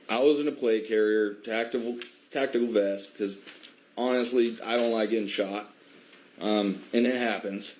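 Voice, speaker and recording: Measured low-voiced man recounting. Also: darkish tone. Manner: measured, filler-heavy, stops to restart. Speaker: biker advocacy group member. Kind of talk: recounting an incident, casual monologue.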